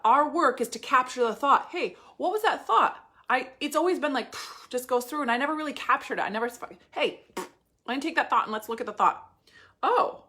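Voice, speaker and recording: Profane, high-energy woman coach. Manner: blunt, profane, fast-talking, energetic. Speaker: business coach. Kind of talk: live training session.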